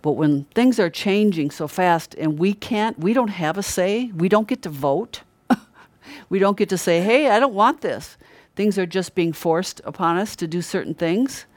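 A middle-aged preacher talks through a sermon in a relaxed, conversational way, leaning on certain words and repeating them for weight. The voice sits in a middle pitch and sounds earnest. It is recorded close and dry, with no room echo. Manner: earnest, emphatic repetition of key words. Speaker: Christian preacher.

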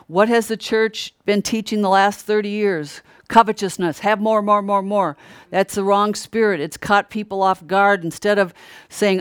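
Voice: medium pitch, fairly even intonation, moderate pace, a bit bright, clear, resonant tone, no echo, clean studio sound. A preacher giving an earnest, emphatic Bible teaching, repeating key phrases and often restarting mid-sentence. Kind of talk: sermon-style Bible teaching.

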